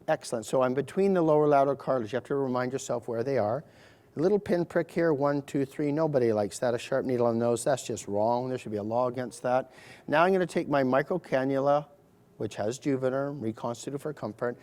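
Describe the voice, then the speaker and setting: A middle-aged man leads a live procedure demonstration, calmly naming each step as he works. He keeps it light with quick joking asides to the watching audience. His voice sits at an ordinary middle pitch. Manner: chatty, joking asides while explaining technique.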